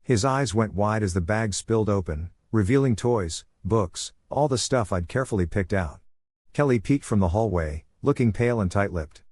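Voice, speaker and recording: A man narrating a first-person story in a steady, even reading voice, recorded close. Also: on the low side, normal speed, no echo.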